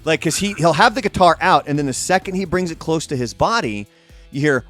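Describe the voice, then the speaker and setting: A man's voice: on the high side, moderate pace, no echo, soft background music. A man hosting a casual podcast, telling a story with lots of swearing and acted-out quotes. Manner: animated, profane, acts out quotes. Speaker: podcast host.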